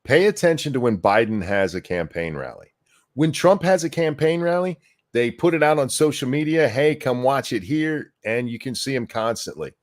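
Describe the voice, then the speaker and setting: A man hosting a casual political chat, animated and sarcastic. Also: mid-range voice, normal speed. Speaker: host.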